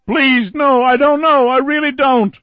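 A man voicing a terrified male captive who pleads, his voice pushed high and strained, on a dull lo-fi recording. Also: steady tone, measured pace, dry recording. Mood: panicked pleading.

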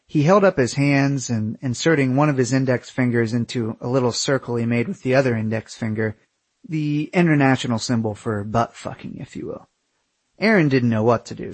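Husky male memoir narrator, wry and candid, dry close-miked read. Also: mid-range voice, brisk, no echo. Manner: wry, candid, casual swearing. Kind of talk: first-person memoir narration.

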